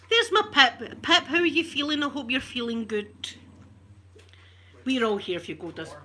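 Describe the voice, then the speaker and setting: Bright-voiced Scottish woman ranting. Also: sits high, slow, long pauses, slightly rough. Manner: ranting, animated, swears freely. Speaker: ASMR live streamer. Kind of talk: casual live-stream chat.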